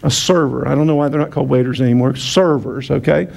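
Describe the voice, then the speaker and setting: A man's voice: mid-range voice, fast, gravelly, darkish tone. A male pastor delivering a sermon, playful and self-mocking, calling for responses from the congregation and often restarting his sentences.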